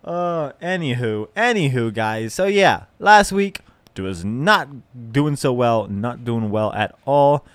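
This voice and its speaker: A young man talks through his week on a solo podcast in a loose, rambling way, full of fillers and false starts. His voice sits in an ordinary middle pitch. The sound is dry and close, with no room around it. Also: lively intonation, takes it slowly, dry recording. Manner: rambling, self-deprecating, lots of fillers and restarts. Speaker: podcast host. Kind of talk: casual solo podcast chat.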